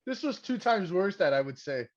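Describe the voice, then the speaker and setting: A man's voice: high-pitched, moderate pace, muffled recording. A young man from Canada hosting a wrestling podcast, rambling and swearing in casual chat. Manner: rambling, crude, excitable. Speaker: podcast host.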